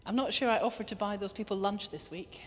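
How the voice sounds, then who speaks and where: A woman's voice: medium pitch, quick pace. Woman preaching in a reverberant hall. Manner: lively, acts out little quoted voices. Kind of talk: sermon.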